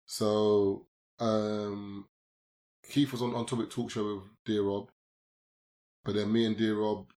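London guy on a podcast, low voice, slangy banter, gets loud telling stories. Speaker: podcast guest. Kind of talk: casual podcast chat.

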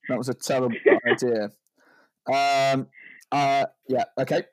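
A man's voice: mid-range voice, flat delivery, measured pace, dry recording. A man co-hosting a casual podcast chat, rambling and joking, tagging lines with "right?". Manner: rambling, jokey, stacks up "right?" tags. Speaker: podcast co-host.

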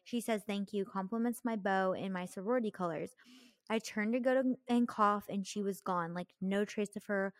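A young woman co-hosting a casual podcast, reading ghost stories in an animated way, full of fillers and swearing. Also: mid-range voice, normal speed, no echo. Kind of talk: casual chat.

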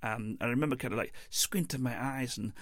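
A man's voice: mid-range voice, fairly quick, fairly bright tone, dry recording, studio quality. A man telling a travel story in a casual, meandering monologue, chuckling and interrupting himself as he goes.

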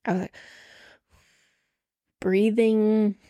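A woman in her late twenties telling a personal story in a casual podcast monologue, animated and full of "like" fillers, acting out the voices of people she quotes. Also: mid-range voice, very slow, clear, resonant tone, dry recording, clean studio sound. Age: late 20s. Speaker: podcast host.

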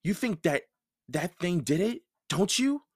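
A man's voice: high-pitched, sing-song, a little slow, husky, dry recording, voice pushed up, heavily acted. A puzzled young boy questions things in a lifted, searching tone, as a man reading a storybook puts him on. The voice sits close and dry.

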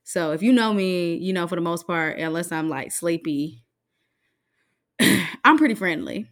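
A woman co-hosting a casual chat with a brash, outspoken delivery. Her pitch moves a lot, rising and falling as she gets animated. She laughs often between her points. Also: measured pace.

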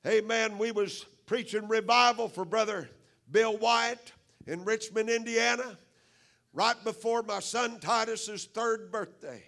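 A man's voice: high voice, fairly even intonation, slow pace, bright, forceful tone. A middle-aged man preaching a sermon, fervent and peppering his lines with amens. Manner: fervent, punctuated with frequent amens. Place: church service.

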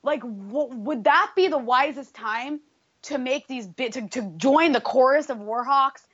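A high-pitched woman vents in an exasperated, profane rant, tripping over fillers as she talks on a political show. Her voice is close and dry, with a slightly dull, muffled quality to the recording. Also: fairly bright tone, breathy edge, dry recording. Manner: exasperated, profane, rapid ranting with many fillers. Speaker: political commentary co-host. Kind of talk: heated political talk show chat.

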